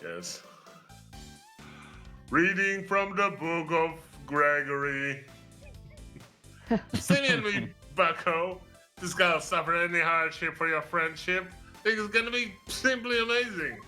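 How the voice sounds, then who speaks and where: A man's voice: a little high, slow, long pauses, pushed and bright, soft background music, full character voice. A man voicing a boisterous, teasing grown man who slips into pirate talk, in a fan dub of a game. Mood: jovial. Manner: hammy, exclamatory, teasing. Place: home voice chat with game music behind.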